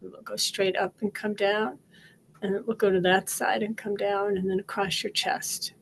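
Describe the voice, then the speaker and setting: A middle-aged woman practitioner gently coaching listeners through a guided tapping exercise, repeating phrases in a steady rhythm. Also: mid-range voice, moderate pace, gravelly, a little hiss or hum, poor audio. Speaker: wellness practitioner leading a session.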